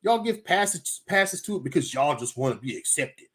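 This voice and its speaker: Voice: mid-range voice, animated, moderate pace. A vlogger giving a heated, emphatic personal rant to camera, repeating points for emphasis and telling stories. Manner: emphatic, repetitive, storytelling with acted quotes. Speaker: video commentator.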